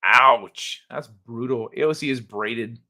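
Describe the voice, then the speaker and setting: A man hosting a live stream, chatting casually and reading viewer comments in a jokey, animated way, laughing often. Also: mid-range voice, slow pace.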